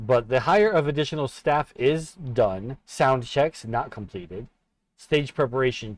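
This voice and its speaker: A man's voice: mid-range voice, animated, normal speed, no room sound. A man streaming a horror game live, commenting as he explores and making playful, mock-dramatic asides to himself.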